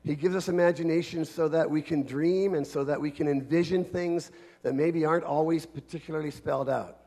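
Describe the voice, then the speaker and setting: A man preaching a sermon in an earnest manner, dropping to a hush and then building to shouts. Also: on the high side, steady tone, fairly quick.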